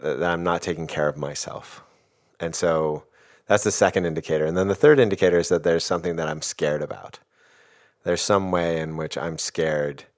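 A middle-aged man talking thoughtfully about emotions in a casual, filler-heavy way. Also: a bass voice. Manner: thoughtful, uses many fillers like "like" and "you know". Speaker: guest speaker on emotions. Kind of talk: reflective casual talk.

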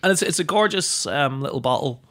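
A man talking as a guest in a casual podcast chat, an animated storyteller whose voice leaps up in pitch when he acts out other people. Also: a little fast. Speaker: guest, drinks educator and writer. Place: studio table with bottles and glasses.

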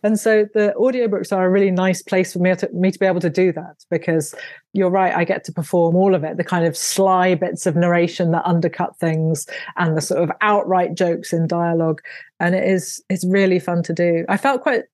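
Lively woman author, dry studio sound. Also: fairly low pitch, fairly quick, no room sound. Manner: animated, laughs often, self-deprecating. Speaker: author and audiobook narrator. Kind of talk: conversational interview.

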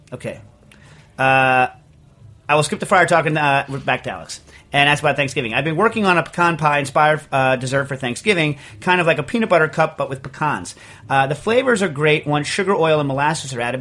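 A middle-aged man from Vermont hosting a casual podcast chat, rambling and ranting with animated energy. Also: medium pitch. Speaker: podcast host.

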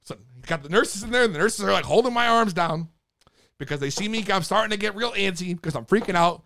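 Guy with a really high gravelly voice, bright and lively, swearing his way through a story. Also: fast talker, a little hiss or hum. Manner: profane, excitable, slangy storytelling. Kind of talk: casual storytelling chat.

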